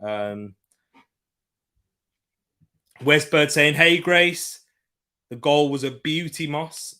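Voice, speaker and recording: A young man hosting a live football watchalong, commenting on play, reading viewer comments and shouting at referee calls. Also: a little high, extremely slow. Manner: shouts at referee decisions, then chats calmly with viewers.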